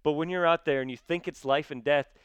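A man, talking as a podcast guest in a casual, animated way with many fillers. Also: a little high, a little fast, smooth, no room sound, lo-fi sound. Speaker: guest, theater actor and sports commentator.

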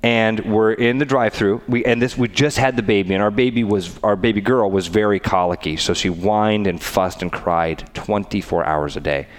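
A man's voice: lowish voice, moderate pace, hardly any pauses. A middle-aged man, telling a story in casual chat and acting out the people in it. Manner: animated storyteller, acts out quoted voices.

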